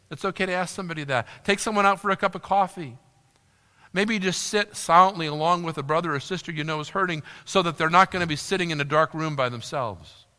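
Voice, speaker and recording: A man preaching a sermon in an earnest way, acting out quoted voices with big jumps in pitch. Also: sharp tone. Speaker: pastor. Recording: long reverb of a large hall.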